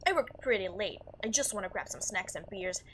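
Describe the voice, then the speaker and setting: A woman's voice: medium pitch, lively intonation, fairly quick, pitched below the performer's own voice, close to an everyday voice. A woman voicing a rude, tired man after a late work shift in a game, curt and dismissive, over a noisy background. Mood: annoyed.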